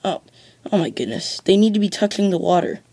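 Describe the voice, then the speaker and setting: A gamer chatting casually during a co-op game, bossy and teasing, breaking into excited whoops. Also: mid-range voice, a little fast, gravelly. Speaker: let's play gamer. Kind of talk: casual co-op gaming chat.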